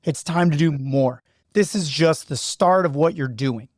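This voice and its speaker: A man hosting a podcast who coaches high school lacrosse, telling stories in an animated, earnest way. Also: unhurried, no echo, studio quality. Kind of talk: casual podcast storytelling.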